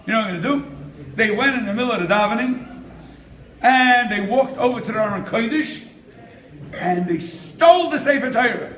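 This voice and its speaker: Older rabbi guy preaching, really high voice, acts out the bits, sounds far off in an echoey hall. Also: normal speed, long pauses, slight background noise. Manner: animated, acts out quotes, laughs often. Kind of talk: sermon with storytelling.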